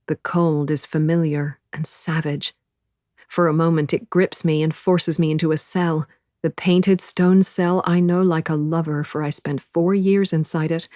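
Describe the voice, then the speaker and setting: Woman, audiobook narrator, low voice, dry close sound, measured and intimate. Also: level tone, mellow, no room sound. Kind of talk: first-person audiobook narration.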